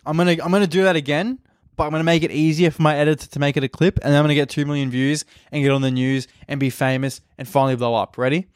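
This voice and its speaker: A man's voice: on the high side, fairly even intonation, very fast, smooth, no room sound. A young Australian man hosting a podcast, rambling crudely and self-deprecatingly in a casual comic monologue on a close mic. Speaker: podcast host.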